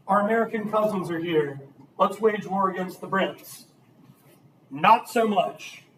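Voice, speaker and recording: Captured from a distance in a roomy classroom with slight background noise, a man with a high voice teaches history. He lectures with energy and poses questions to his students.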